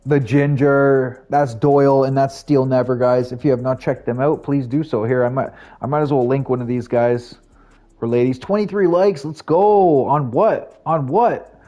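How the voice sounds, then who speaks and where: A young man live streaming and chatting casually with viewers, rambling, laughing at himself and jumping into high voices for quotes. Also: normal speed, mellow, muffled recording, faint music behind. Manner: rambling, self-mocking, laughs often, jumps pitch for quoted voices.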